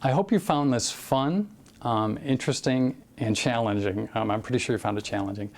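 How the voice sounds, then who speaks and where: Gravelly-voiced man teaching drums. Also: mid-range voice, normal speed. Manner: relaxed, many fillers, counts aloud. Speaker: drum instructor. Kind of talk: casual drum lesson with counting.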